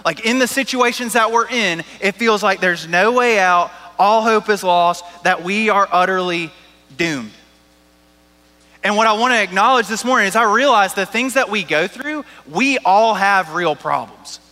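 Bright-voiced man preaching in a reverberant hall. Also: high-pitched, moderate pace, hardly any pauses. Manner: casual and joking, with lots of "like" and "right?". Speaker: pastor. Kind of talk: sermon.

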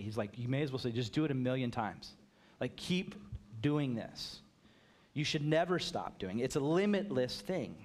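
A middle-aged male pastor giving a conversational sermon, acting out small everyday dialogues to make his point. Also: a little high. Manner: conversational preaching, acts out little dialogues.

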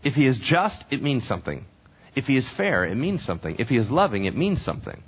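A man's voice: mid-range voice, big pitch swings, quick pace, slightly rough. A man preaching a sermon as a pastor, talking conversationally and asking the congregation questions. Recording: dull lo-fi recording.

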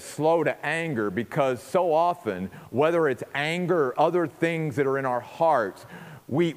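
A man's voice: a little high, in a large hall. A man preaching a sermon as pastor, earnest and emphatic, repeating words as he builds each point.

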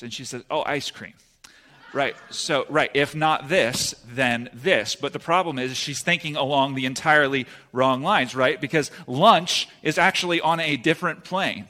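A young man preaching in a relaxed, talky manner, with a bright, forward tone at a middling pitch. He keeps checking in with the congregation as he goes. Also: moderate pace. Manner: casual, often checks in with "right?". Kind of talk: conversational sermon.

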